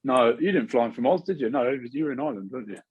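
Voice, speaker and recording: A man in his thirties from Scotland chats on a video call with a slightly husky voice. He rambles cheekily through his stories. The sound is dry and close, with little room behind it. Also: mid-range voice, lively intonation, rapid-fire, no echo, dull audio. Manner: cheeky, rambling banter with laughs. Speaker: rugby player, regular co-host. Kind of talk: casual chat.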